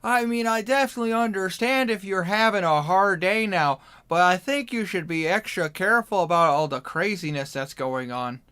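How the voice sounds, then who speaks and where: A man's voice: high voice, normal speed, hardly any pauses, bright, forceful tone, smooth, voice pushed up. A man voicing a cheerful, fretful small-town character with a Midwestern accent and an over-polite, fussing manner. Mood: chirpy concern. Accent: Midwestern American.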